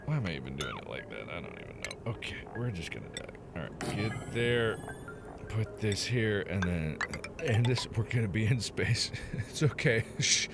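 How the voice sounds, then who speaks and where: A man giving theatrical let's play commentary, swinging between muttering to himself and loud, melodramatic outbursts. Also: on the low side, very animated, normal speed, vocal fry, loud music behind the voice. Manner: playful, melodramatic self-talk. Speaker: gameplay commentator.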